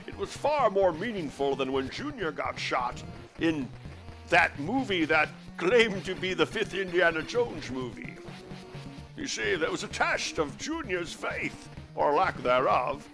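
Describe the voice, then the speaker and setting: A man's voice: on the high side, voice pushed down, poor audio. A man putting on a drawling impression of an elderly professor father with a slurred, lispy S, rambling while playing a game. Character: gruff elderly Scottish professor father, lecturing. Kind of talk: comedic impression during a game stream.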